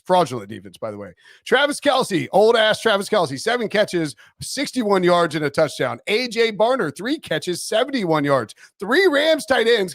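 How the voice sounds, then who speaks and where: A man giving casual sports betting picks, rambling and animated with laughing asides. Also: a little high, dry recording, studio quality. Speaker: NFL betting analyst.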